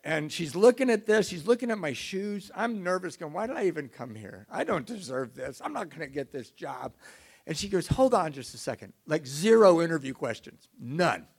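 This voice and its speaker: A middle-aged man telling a self-mocking recovery story to an audience, in an animated way. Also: a little high, normal speed, gravelly, husky. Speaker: speaker sharing recovery story.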